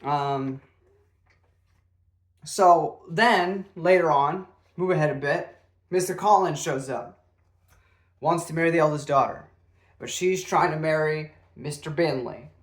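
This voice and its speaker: Male book reviewer, casual and self-deprecating, fairly high voice. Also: a little slow, pauses often. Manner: rambling, self-deprecating, frequent fillers.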